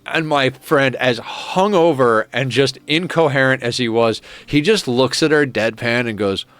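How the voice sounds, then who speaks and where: A man's voice: mid-range voice, unhurried, a bit bright, clear, resonant tone, dry recording. A man streaming a strategy game, chatting casually and telling a rambling story at a desk microphone. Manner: rambling storyteller, laughs at his own story. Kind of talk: casual chat while playing a strategy game.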